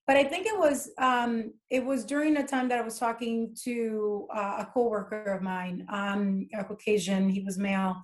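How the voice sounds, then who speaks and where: A woman's voice: mid-range voice, fairly even intonation, normal speed, hardly any pauses. A middle-aged woman speaking as a podcast guest, candid and emphatic as she tells stories from her working life. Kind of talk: casual conversation.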